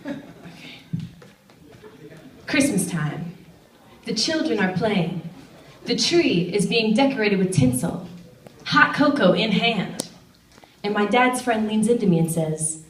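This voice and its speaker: A young woman doing a stand-up set on a comedy stage, telling stories deadpan, with loud bursts when she acts out quotes. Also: medium pitch, unhurried. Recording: roomy sound from a distant mic.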